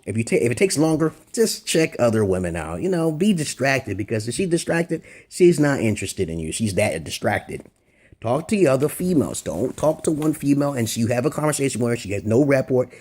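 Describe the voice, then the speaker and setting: A man giving blunt, profane dating advice in a casual vlog monologue, brash and animated. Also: slightly rough. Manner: swings from loud and high to low and muttered. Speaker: self-styled dating advisor.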